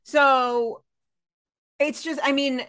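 A woman's voice: high voice, very slow. A woman co-hosting a podcast in a loose, casual chat. She recaps a TV episode and keeps dropping into the characters' lines as she retells it. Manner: chatty, lively, retells scenes with quoted lines. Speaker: podcast co-host.

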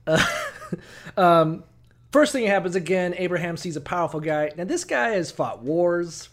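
A fairly high-voiced man chatting in a loose, irreverent way about an old text. He jokes and swears freely and often breaks into laughter, playing off his co-host. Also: expressive, moderate pace. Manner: profane, joking, breaks into laughter. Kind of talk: casual irreverent Bible discussion.

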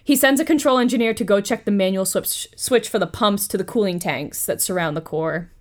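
A woman hosting a podcast. She retells a story in a casual, animated way, with profane asides. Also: mid-range voice, brisk. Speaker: podcast host.

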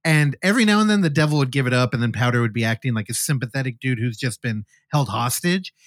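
Speaking quickly in a mid-range voice, a man co-hosting a film podcast recaps the movie with casual profanity and animated, mock-voiced reenactments of scenes. The sound is studio quality with no room echo.

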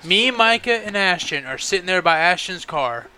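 A man co-hosting a podcast, telling stories in casual chat, animated and profane. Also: sits high, moderate pace, clean tone. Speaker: podcast co-host.

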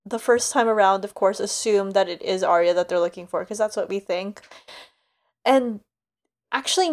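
Animated young woman co-hosting a podcast. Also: on the high side. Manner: animated, swears casually, quick asides. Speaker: podcast co-host. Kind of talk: casual book discussion.

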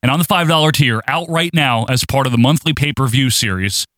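A man's voice: medium pitch, fairly quick, a bit bright, no room sound. A man hosting a casual podcast, talking in an upbeat, announcer-like way. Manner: upbeat, announcer-like sing-song intro. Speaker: podcast host.

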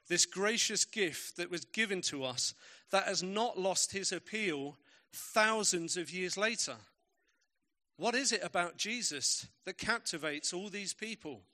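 A man's voice: high voice, pushed and bright. A man preaching a sermon, telling stories with emphatic, varied pacing.

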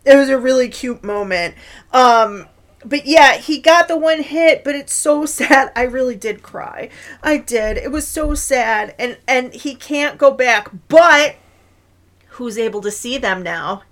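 Animated laughing woman podcast co-host. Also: high voice, a little slow. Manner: laughs often, animated retelling. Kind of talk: casual chat.

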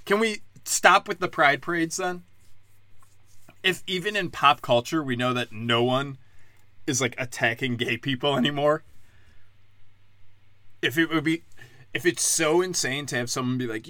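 Podcast host, male, profane sarcastic ranter with a forceful bright tone and a dry sound. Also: medium pitch, normal speed, long pauses, dry recording. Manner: crude, profane, sarcastic ranting. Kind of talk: comedic rant monologue.

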